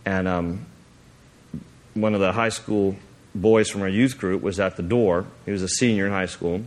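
A male pastor telling a story in a sermon, animated and acting out the scene. He rambles with fillers and restarts, and his voice jumps high when he gets excited. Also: moderate pace.

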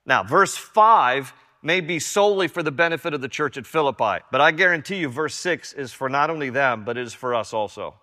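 A man's voice: mid-range voice, lively intonation, fairly quick, hardly any pauses, bright, forceful tone. An older man preaching a sermon as pastor, earnest and emphatic, repeating key lines. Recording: long hall reverb.

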